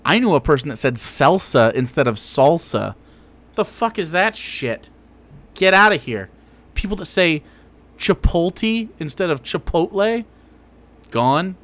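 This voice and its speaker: A man's voice: a little high, very animated, unhurried, a bit bright. Crude, sarcastic man ranting on a livestream. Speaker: livestream host. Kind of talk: casual livestream rant.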